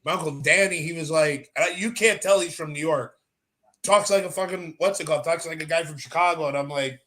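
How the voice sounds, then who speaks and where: An American man hosting a casual podcast chat, telling loud stories full of swearing. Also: on the high side, fairly quick. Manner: swears a lot, loud storytelling.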